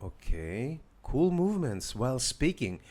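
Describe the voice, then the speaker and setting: A man's voice: mid-range voice, very animated, measured pace, a little mellow. A man hosting a casual live demo, hesitant, with many fillers and restarts while talking to viewers. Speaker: tech demo host.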